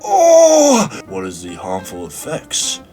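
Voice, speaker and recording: A young man telling a confessional comedy story in a profane, rambling, excitable way. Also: fairly low pitch, normal speed, music in the background. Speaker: vlogger.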